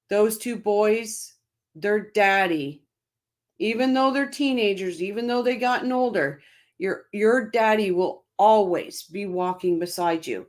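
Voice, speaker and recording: A woman with a mid-range voice hosts a casual live-stream, reading viewer comments aloud by name. She answers them with emphatic, impassioned commentary and often repeats her phrases.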